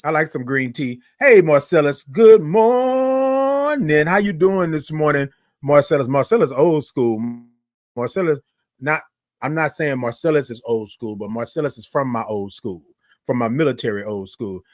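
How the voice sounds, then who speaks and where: A man's voice: medium pitch, normal speed, no echo, clean studio sound. A man hosting a casual morning livestream, chatty and upbeat, greeting viewers by name and stretching out his good mornings. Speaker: livestream host. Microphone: microphone close to face.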